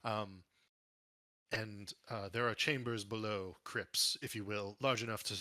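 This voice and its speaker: A man's voice: lowish voice, steady tone, a little slow, sharp tone. A man voicing a weary male wizard ally who speaks hesitantly and formally.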